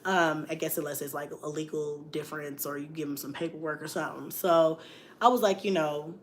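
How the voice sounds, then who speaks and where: Woman, thirties, mom vlogger live: frank, emotional, lowish voice. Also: steady tone, a little fast, a little hiss or hum. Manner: frank, emotional, laughs often, reads viewer comments. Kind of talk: candid livestream chat.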